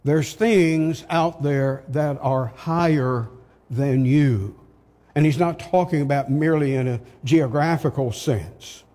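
Older male preacher, slightly high voice, slow and deliberate, heavy reverb. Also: dark tone. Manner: slow, emphatic preaching with rhetorical questions. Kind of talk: sermon. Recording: long hall reverb.

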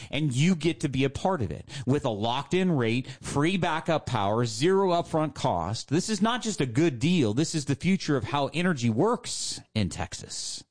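A male radio host giving a persuasive sales pitch from a studio, emphatic and repeating his key points.

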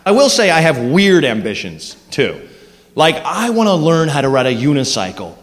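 A man doing a stand-up set on a club stage, animated and jokey. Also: fairly high pitch, moderate pace. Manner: animated, jokey, acts out voices. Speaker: stand-up comedian. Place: comedy club stage before a live audience. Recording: live club recording with long reverb and background noise.

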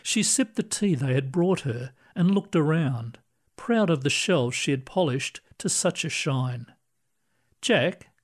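Guy narrating stories, calm and slow, takes his time. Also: fairly high pitch. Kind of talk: storybook reading.

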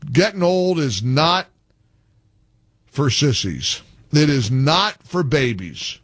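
A middle-aged man hosting a call-in radio talk show, animated and sarcastic, full of wisecracks. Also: a little high, slow pace, no echo.

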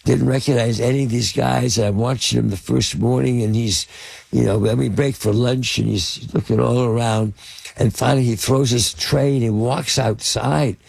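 A man's voice: medium pitch, steady tone, gravelly, a little mellow, slightly rough, no room sound. An older man, a film producer and actor, telling anecdotes in an interview with many fillers and restarts. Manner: halting, lots of fillers and restarts. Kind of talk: anecdotal storytelling in conversation.

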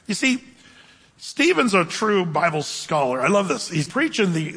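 A man preaching a sermon in a casual, conversational way, asking the congregation questions and slowing down to read scripture aloud. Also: high voice, bright, forceful tone. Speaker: pastor. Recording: long hall reverb.

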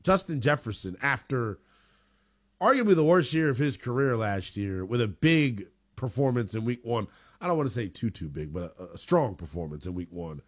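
A man hosting a sports talk radio show, animated and emphatic, with casual slang. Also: medium pitch, normal speed, no echo, studio quality.

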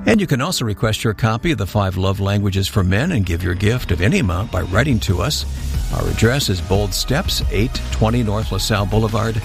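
A man's voice: on the low side, animated, brisk. A man announcer reading a scripted radio sign-off with contact details and promotions. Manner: smooth promotional read, spells out contact details. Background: music bed.

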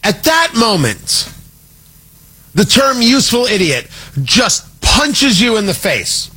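A man's voice: sits high, big pitch swings, slow, bright, forceful tone, slightly rough. A man delivering a sarcastic, exasperated political opinion monologue as a commentator.

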